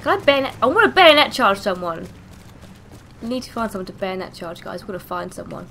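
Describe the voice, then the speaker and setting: A woman's voice: medium pitch, animated, brisk, gravelly, pushed and bright, slight background noise. A young woman with a cough, giving hyper, swear-filled commentary on a game she plays. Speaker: gaming channel host. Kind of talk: let's play commentary.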